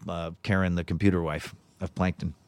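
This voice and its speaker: A man's voice: sits low, level tone, fairly quick, a little mellow, no echo, studio quality. A man in his forties, a voice actor chatting as an interview guest, rambling with plenty of fillers and restarts. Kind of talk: casual interview chat.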